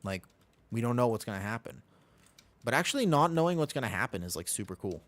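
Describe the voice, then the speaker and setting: A man's voice: medium pitch, very animated, fast, a bit bright, no room sound. An American man chatting casually on a live stream while gaming, rambling along and humming to himself on a desk mic. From United States.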